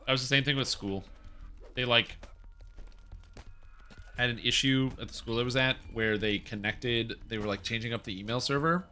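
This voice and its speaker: A man's voice: mid-range voice, normal speed, pauses often, pushed and bright, slight background noise. A man streaming a game, chatting casually and rambling through joking asides. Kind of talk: casual chat while playing.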